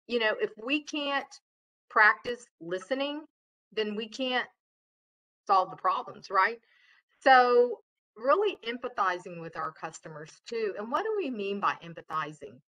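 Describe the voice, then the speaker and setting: Brief: woman trainer, casual lecture, talks loud, lots of ums, sharp bright tone. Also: mid-range voice, poor audio. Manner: chatty, loud, many fillers and restarts. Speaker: customer service trainer.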